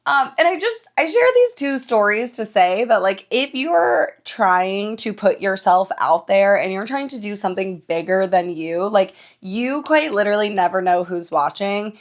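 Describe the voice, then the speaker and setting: A young woman hosting her own podcast, telling stories in a casual, animated way, swearing freely and laughing often. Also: mid-range voice, moderate pace. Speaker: podcast host. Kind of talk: casual solo podcast chat.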